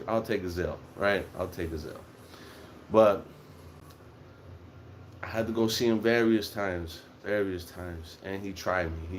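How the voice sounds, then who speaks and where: Profane, lively young man telling a story. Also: fairly low pitch, slight background noise. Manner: profane, animated, acts out quotes. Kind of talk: casual storytelling monologue.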